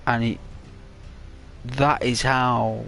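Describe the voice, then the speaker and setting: A sleepy man giving rambling, musing commentary over a relaxed gameplay video. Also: mid-range voice, drawn-out words, creaky, faint music behind. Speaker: channel host.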